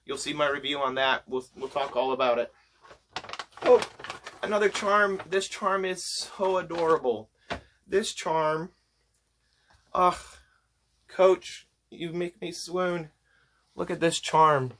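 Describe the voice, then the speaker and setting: A man chatting to camera as he shows off a shopping haul, enthusiastic and gushing, his voice getting hoarse. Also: fairly high pitch, slow pace, long pauses, fairly bright tone. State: voice going hoarse. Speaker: vlogger showing a shopping haul. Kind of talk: casual chat to camera.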